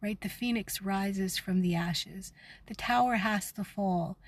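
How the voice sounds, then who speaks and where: Fast, intense, and angry, a middle-aged vlogger swears through a raw spiritual video, every so often dropping into a whisper. Her voice is mid-range.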